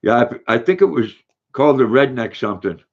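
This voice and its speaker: A man's voice: medium pitch, big pitch swings, a little fast, dull audio. An older man hosting a casual livestream, reading viewer comments aloud and cooing baby talk to his dog. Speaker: livestream host.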